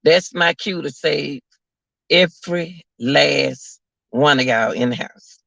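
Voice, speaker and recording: Ranting from work rather than home, this commentary vlogger talks to his viewers as "y'all," sounding incredulous and repeating himself in casual live commentary. He speaks slowly in a gravelly, bright, slightly high voice. The lo-fi audio is dull and has no room sound.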